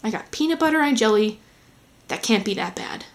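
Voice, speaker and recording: A woman's voice: fairly high pitch, lively intonation, brisk, close to an everyday voice. Woman doing a hungry man muttering to himself. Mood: musing.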